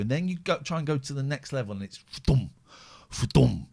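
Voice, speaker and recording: A man's voice: medium pitch, expressive, fairly quick, creaky, no echo, studio quality. A middle-aged man hosting a podcast, talking openly and emotionally, worn out and swearing heavily. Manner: raw, emotional, heavy swearing. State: exhausted and drained. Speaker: podcast host. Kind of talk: candid podcast chat.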